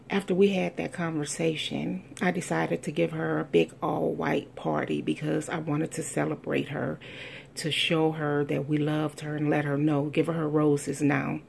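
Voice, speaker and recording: A middle-aged woman from the United States giving an earnest, heartfelt testimony, telling a family story with slow, deliberate emphasis. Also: low voice, vocal fry, a little mellow, slight background noise. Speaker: speaker sharing a personal testimony.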